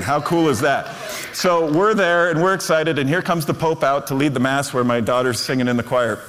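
A man's voice: mid-range voice, a bit bright, big-room sound. A middle-aged man, a Lutheran pastor, preaching a storytelling sermon that builds to fervent emphasis. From United States.

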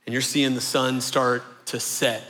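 A man in his thirties preaching a sermon, telling a story in lively fashion and repeating phrases for rhythm. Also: medium pitch, measured pace. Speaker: pastor.

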